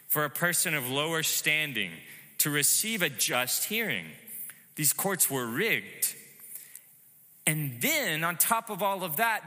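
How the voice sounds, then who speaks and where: A man preaching a sermon, measured and emphatic, asking rhetorical questions. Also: high voice, pushed and bright, long reverb tail. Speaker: pastor.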